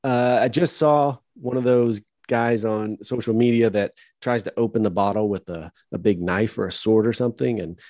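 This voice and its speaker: A man's voice: lowish voice, moderate pace, hardly any pauses, a little mellow, dry recording. A man co-hosting a podcast in casual chat with dry, wry humor. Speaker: podcast co-host.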